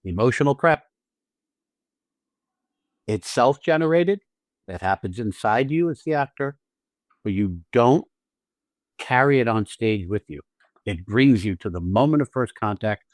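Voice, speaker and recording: A man's voice: mid-range voice, expressive, a little slow, pauses often, no echo, clean studio sound. A man hosting a podcast as an acting teacher, talking casually and animatedly, swearing freely and acting out little scenes with quoted lines.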